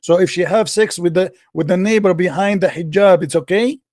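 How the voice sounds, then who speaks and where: Male debater, insistent and combative, mellow but high voice, dry close sound. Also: a little fast, no room sound. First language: Arabic. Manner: insistent, repeats yes-or-no demands. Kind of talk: heated online debate.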